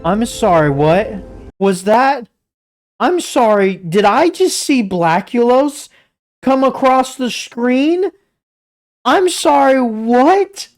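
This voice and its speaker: A woman hosts a reaction commentary, excitable and stammering with disbelief. Her pitch swings widely as she talks. She speaks at an unhurried pace. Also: soft background music. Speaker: channel host.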